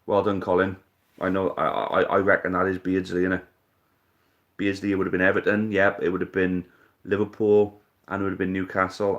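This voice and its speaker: Low-voiced man hosting a casual live quiz. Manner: thinks aloud, swears casually, calls people mate. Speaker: live-stream quiz host. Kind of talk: casual live-stream chat.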